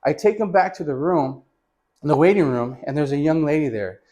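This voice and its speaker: A man with a fairly high voice teaches chest X-ray positioning in a relaxed, conversational way. He addresses his students as "you guys" and raises his voice to call breathing instructions to a patient. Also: brisk. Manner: gives patient instructions loudly. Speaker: radiography instructor. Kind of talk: hands-on teaching demonstration and storytelling.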